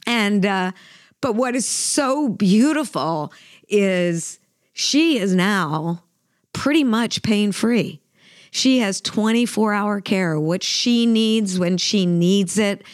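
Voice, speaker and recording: A woman's voice: medium pitch, lively intonation, takes it slowly, dry recording, clean studio sound. A middle-aged woman on a faith podcast, telling a personal story in an earnest, emotional way with frequent fillers and restarts. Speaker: podcast co-host. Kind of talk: heartfelt conversational storytelling.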